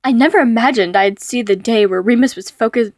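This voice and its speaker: A woman's voice: on the high side, brisk, a little mellow, no room sound, clean studio sound. A woman voicing an affectionate, dramatic young man in a storybook reading, with a somewhat theatrical delivery. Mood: fond.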